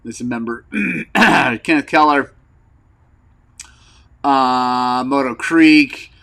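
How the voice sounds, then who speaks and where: A man hosting a motorcycle channel in casual rambling vlog chat, frank and frustrated, with lots of fillers and throat clearing, recovering from an injury. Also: medium pitch, very slow, pushed and bright, rough recording. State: recovering from injury, wearing a brace.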